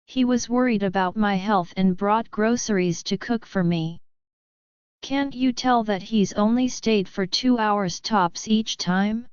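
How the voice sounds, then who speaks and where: A woman voicing a frightened young woman who pleads desperately, in a slow, very clear voice. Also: mid-range voice, dry recording, muffled recording, close to an everyday voice. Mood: defensive.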